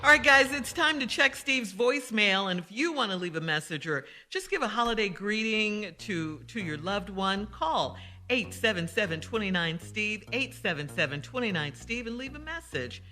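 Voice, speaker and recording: A woman's voice: mid-range voice, animated, normal speed, sharp tone, soft background music. A woman co-hosting a radio morning show, announcing segments in an upbeat, chatty way. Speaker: radio co-host.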